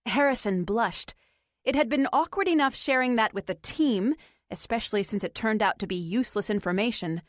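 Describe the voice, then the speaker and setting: A woman narrating an audiobook in an even, measured storytelling manner. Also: on the high side, no room sound, clean studio sound. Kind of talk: scripted narration.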